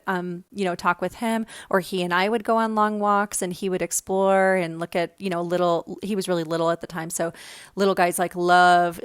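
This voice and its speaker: A woman's voice: lowish voice, no echo, studio quality. A woman in her thirties hosting a spiritual talk, telling a story in a chatty way with many fillers and passing on a spirit guide's words in her own voice. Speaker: spiritual channeler and podcast host.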